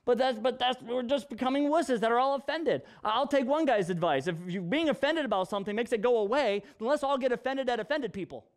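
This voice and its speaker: A man with a very high voice preaches in a casual, conversational way. He is animated and joking as he drives his points home. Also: a little fast, few pauses. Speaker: pastor. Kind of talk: sermon in a casual vlog.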